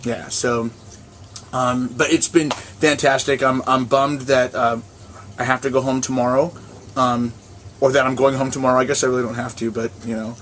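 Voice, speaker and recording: A man's voice: mid-range voice, little pitch movement, normal speed, fairly bright tone, a little hiss or hum. A man vlogging in casual chat with a friend at home, rambling with restarts.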